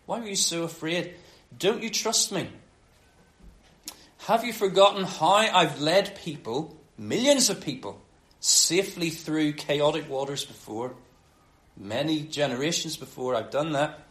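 A preacher voicing a calm, stern teacher who speaks low and earnestly, in a roomy space. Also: male voice. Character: calm, stern teacher reassuring his followers. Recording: roomy echo.

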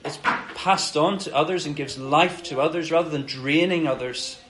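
A man's voice: a little high, moderate pace, fairly bright tone, low-quality recording. A man preaching a sermon in an earnest, conversational way, acting out quoted lines with animation.

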